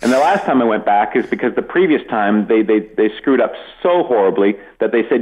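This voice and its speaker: Canadian guy comedian, low voice, dry jokey talk, sounds like over a phone line. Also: animated, brisk, few pauses. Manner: dry, self-deprecating, many restarts. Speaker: comedian guest. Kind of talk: radio interview.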